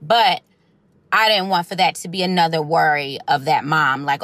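A woman chatting casually to camera, retelling a story in an animated way and acting out the voices of the people in it. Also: low-pitched, a little fast.

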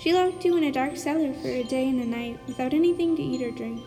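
A woman's voice: sits high, fast talker, mellow, big-room sound, soft background music. A woman reading a storybook aloud and voicing a plucky, curious young orphan girl in an earnest, matter-of-fact way.

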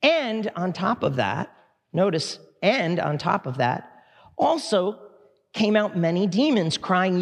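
A man preaching in a church, casual and animated, reading scripture aloud with dramatic emphasis. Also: sits high, normal speed. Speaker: pastor. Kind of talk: sermon. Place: church sanctuary. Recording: echoey hall reverb.

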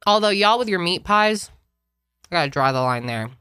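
A woman's voice: fairly low pitch, moderate pace, noisy background. A young adult woman co-hosting a podcast, chatting casually and bluntly while taste-testing snacks. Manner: relaxed, chatty, blunt with swearing. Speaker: podcast co-host.

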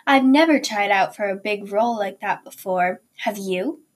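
A woman's voice: mid-range voice, normal speed, close to an everyday voice. A woman reading the lines of an eager twelve-year-old girl from a children's chapter book.

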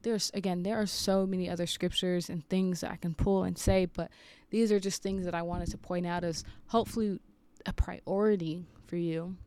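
A woman's voice: lowish voice, steady tone, moderate pace, darkish tone, clear, resonant tone, no room sound. A woman in her thirties, a preacher, sharing an earnest, confessional story in a personal devotional talk. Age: 30s.

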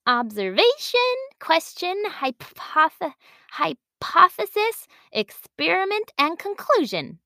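A woman voicing an excited little girl in a storybook, eager and high-pitched. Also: slow, no room sound, clean studio sound, heavily acted. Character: excited little girl, curious about science.

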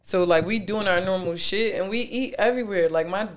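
A woman's voice: mid-range voice, a little fast. A woman in her thirties hosting a podcast, telling brash stories with a laugh in casual chat. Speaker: podcast host.

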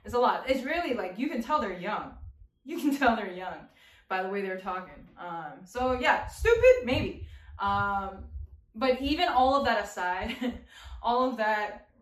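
A woman's voice: mid-range voice, a little slow. A woman giving a casual, slangy sermon as a youth preacher, joking and talking straight to her listeners. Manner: slangy, animated, jokey, talks to the audience. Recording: echoey room.

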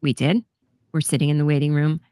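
A woman's voice: deep voice, little pitch movement, a little fast, mellow, clear, resonant tone, dry recording, clean studio sound. A middle-aged woman telling a personal story on a podcast in a candid, casual way, swearing freely and laughing often. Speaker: podcast co-host.

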